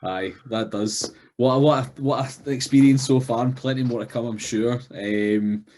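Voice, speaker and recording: A man's voice: mid-range voice, fairly even intonation, normal speed, a little mellow, a little hiss or hum. A Scottish man hosting a podcast, talking in easy casual interview chat. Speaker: podcast host.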